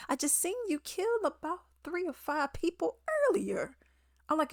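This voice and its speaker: A woman's voice: high-pitched, a little slow, dry recording. Chatty woman with a dry, close sound. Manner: chatty and animated, acts out characters' lines in quotes; exasperated, sarcastic asides. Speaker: movie reviewer. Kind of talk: casual spoken movie recap.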